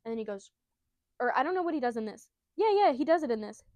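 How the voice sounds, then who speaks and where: A woman's voice: fairly high pitch, lively intonation, quick pace, darkish tone, no echo, dull audio. Giggly, profane woman storyteller. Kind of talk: casual comic retelling.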